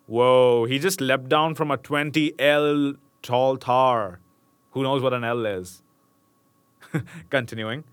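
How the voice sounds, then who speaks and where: A man's voice: medium pitch, fairly bright tone, no echo. A young man casually reading a fairy tale aloud, stopping to joke and chuckle between passages. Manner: laid-back, joking, chuckles between asides. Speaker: storyteller.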